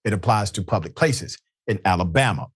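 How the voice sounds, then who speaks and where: A man's voice: lowish voice, expressive, fairly quick, husky, no echo, clean studio sound. A male host giving live news commentary in an emphatic, indignant manner. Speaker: show host.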